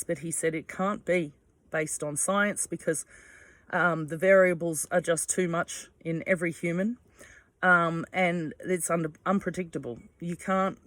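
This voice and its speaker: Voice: mid-range voice, fairly bright tone, no room sound. Frank, rambling speaker, dry close sound. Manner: frank, rambling, full of ums and asides, swears casually. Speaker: vlogger. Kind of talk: casual spoken monologue.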